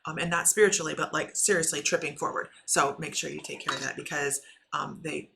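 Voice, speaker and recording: A woman's voice: sits low, brisk, creaky, a little hiss or hum. A woman hosting a live stream of free intuitive readings, talking in a chatty way full of fillers. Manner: chatty, filler-heavy, rising excitement when addressing viewers. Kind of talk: live psychic reading chat.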